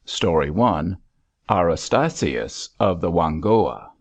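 A man reading a story aloud in measured, expressive scripted narration. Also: low-pitched. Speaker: audiobook narrator. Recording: dull lo-fi recording.

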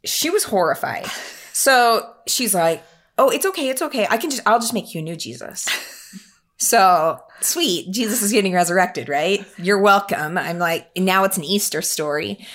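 In an unhurried, medium-pitched voice, a woman chats casually, spinning a lively story that pokes fun at herself while she acts out the other characters' voices.

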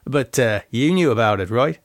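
A man's voice: mid-range voice, animated, normal speed, dry recording, clean studio sound, lightly acted. A man playing a teasing man. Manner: teasing, playful. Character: joking Irish man, teasing and easygoing.

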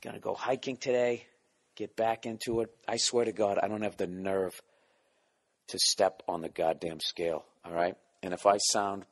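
Deep-voiced male comic host, solo podcast monologue, profane, self-deprecating, drops into goofy voices. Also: fairly even intonation, moderate pace. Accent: Boston. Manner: profane, self-mocking, jumps into silly voices; keeping voice down, quiet and low at times. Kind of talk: rambling comedic monologue.

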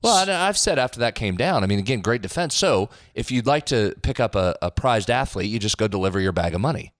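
A man's voice: on the low side, lively intonation, fast, dry recording, studio quality. A man co-hosting a sports podcast in casual chat, sardonic and fond of repeating a word for comic effect. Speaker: podcast co-host.

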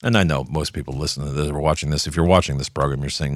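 An older man hosting a commentary show, fiery and opinionated, dropping to a mutter and then rising to shouts. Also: very deep voice, steady tone, racing, no room sound, clean studio sound. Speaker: talk show host.

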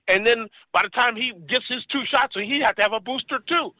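Forties guy rambling thru a story, acts out quotes, bright tone, dry sound. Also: very high voice, fast, few pauses, no room sound, rough recording. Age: 40s. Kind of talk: casual chat.

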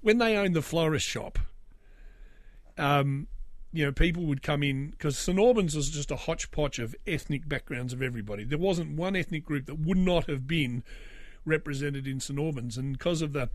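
A man's voice: fairly high pitch, moderate pace, no echo, clean studio sound. An Australian man in his forties telling a personal story, rambling with fillers and restarts and dropping wry asides. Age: 40s. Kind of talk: casual storytelling.

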